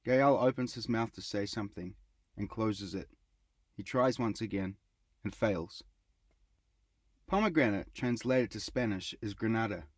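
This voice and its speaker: A man's voice: lowish voice, a little mellow, dry recording. Middle-aged man reading his travel memoir. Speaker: author narrating his own travel writing. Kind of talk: scripted audiobook narration.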